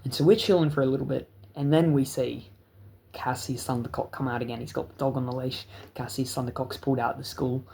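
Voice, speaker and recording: A man's voice: mid-range voice, fairly even intonation, quick pace, gravelly, a little mellow, a little hiss or hum. A young adult man, telling a rambling, profane story as a vlog host. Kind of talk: casual storytelling.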